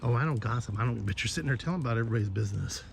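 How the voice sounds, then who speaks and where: A man's voice: mid-range voice, animated, rapid-fire, vocal fry, slight background noise. A man chatting casually while walking his neighborhood, rambling and swearing as he gossips about the neighbors. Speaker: vlogger. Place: outdoors in a neighborhood.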